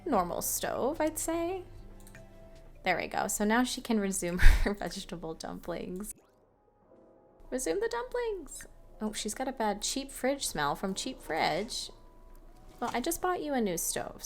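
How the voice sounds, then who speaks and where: A woman's voice: mid-range voice, expressive, normal speed, creaky, faint music behind. A young woman giving casual, chatty commentary on a life-sim game, narrating each move and laughing often. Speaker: gaming channel host.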